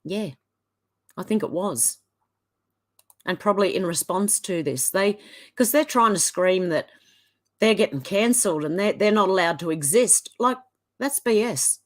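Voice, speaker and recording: A woman with an Australian accent, giving casual commentary and reading posts aloud. She sounds indignant and sarcastic. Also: animated. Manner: indignant and sarcastic, quick swings in pitch. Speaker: commentary vlogger.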